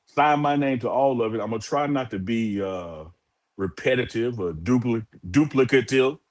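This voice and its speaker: A man's voice: normal speed, darkish tone. A man co-hosting a casual sports talk show, hyping things up with a playful, swinging delivery. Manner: hype, playful, big swings in pitch. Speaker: co-host.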